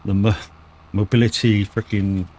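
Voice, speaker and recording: Rambling man, lowish voice. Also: flat delivery, normal speed, mellow, slight background noise. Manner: rambling, swears freely, lots of restarts and stammers. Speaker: live streamer. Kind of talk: casual gaming stream chat.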